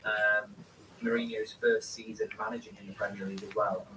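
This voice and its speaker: A man's voice: lowish voice, a little fast. A man hosting a casual live watchalong, rambling through his thoughts and reading viewer questions aloud before answering them. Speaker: live-stream host. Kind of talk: casual match watchalong chat. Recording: distant mic with steady background noise.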